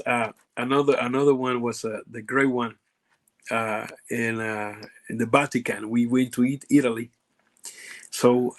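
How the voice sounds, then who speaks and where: Telling stories in a casual interview, the guest, a Puerto Rican man who was once a pro wrestler, speaks in a mid-range voice. He stumbles along with fillers, frequent restarts and broken grammar.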